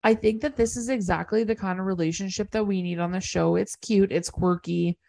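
A woman's voice: medium pitch, steady tone, a little fast, gravelly, mellow. A woman co-hosting a podcast, chatting casually and laughing as she recaps a TV episode. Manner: chatty, laughs often, quotes characters. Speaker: podcast co-host.

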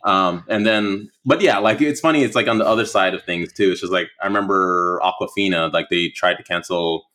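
Young man, low voice, casual conversation, halting and rambling. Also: sharp tone. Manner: rambling, many fillers and restarts. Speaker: guest.

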